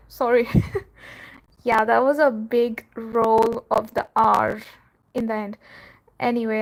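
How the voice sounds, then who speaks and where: A woman's voice: fairly high pitch, little pitch movement, a little slow, gravelly. A woman who runs a cattery and hosts her channel, chatting casually on a live stream, laughing often and trailing off with fillers. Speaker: cattery owner and channel host.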